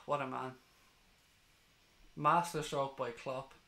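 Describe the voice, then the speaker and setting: A man streaming a live football watchalong, ecstatic and swearing, reading chat messages aloud, hoarse from screaming. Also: mid-range voice, steady tone, slow, bright, forceful tone, reverberant.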